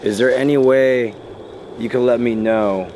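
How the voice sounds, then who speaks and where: A man investigating the paranormal who calls out to a spirit with gentle, coaxing questions inside an old inn at night. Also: mid-range voice, steady tone, measured pace, a little hiss or hum, low-quality recording. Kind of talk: calling out to a spirit.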